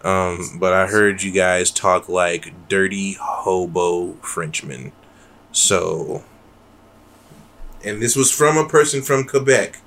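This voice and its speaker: A man's voice: low voice, slow, a bit bright. A man co-hosting a podcast in loose, rambling casual chat, swearing freely. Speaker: podcast co-host.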